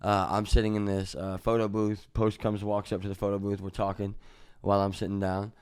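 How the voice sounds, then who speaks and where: A man from Missouri, a musician guest on a podcast, telling a story in a casual, profane way. He jumps into loud re-enactments of what was said. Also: fairly low pitch, monotone, a little fast, smooth, no echo, studio quality. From Missouri, USA.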